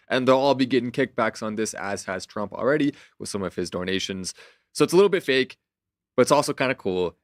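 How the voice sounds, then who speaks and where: Fast, low-voiced sarcastic male co-host. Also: dry recording, studio quality. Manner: sarcastic deadpan jokes, stammering restarts. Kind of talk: casual political chat.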